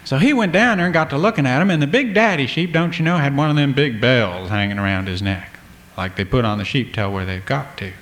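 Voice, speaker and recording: A man's voice: mid-range voice, expressive, brisk, fairly bright tone. A man telling a folk tale in a folksy, drawling way, talking to the listener. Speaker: storyteller.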